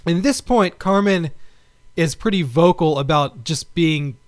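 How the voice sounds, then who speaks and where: A man co-hosting a podcast in casual chat, talking in a halting way with many pauses. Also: on the high side, dry recording. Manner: halting, many fillers and restarts. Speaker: podcast co-host.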